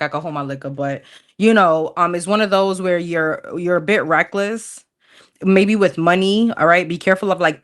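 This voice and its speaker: A woman's voice: fairly low pitch, a bit bright. A woman casually chatting through a livestream tarot reading, slangy, thinking aloud as she pulls cards. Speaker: tarot reader.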